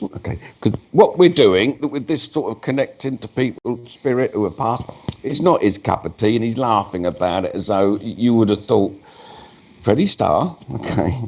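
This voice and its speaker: A man's voice: on the low side, darkish tone, slightly rough, muffled recording. Chatty medium in his fifties. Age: 50s. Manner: chatty, breaks off mid-sentence to talk to spirits. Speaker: spiritualist medium. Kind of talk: live mediumship demonstration at a church service.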